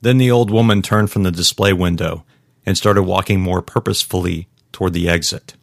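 A man narrating a story in a very deep voice, steady and measured. The recording is dry, with no room sound. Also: vocal fry, no echo. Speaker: audiobook narrator. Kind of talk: scripted narration.

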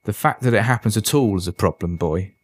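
Man doing a gruff stern father. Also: lowish voice, wildly swooping pitch, fairly quick, a bit bright, exaggerated voice. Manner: gruff and curt. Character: stern gruff middle-aged father, dismissive.

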